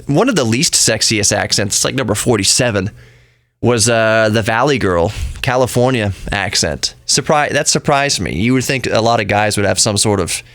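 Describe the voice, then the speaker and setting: A man's voice: fairly low pitch, fairly bright tone, no echo. A man hosting a podcast, talking through his opinions in a rambling, chatty monologue full of asides. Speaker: podcast host.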